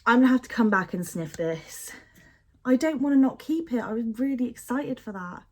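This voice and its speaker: Husky-voiced woman unboxing products. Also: on the high side, moderate pace. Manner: chatty, expressive, self-deprecating, sniffs and describes products. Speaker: beauty product unboxing vlogger. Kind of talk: casual unboxing chat.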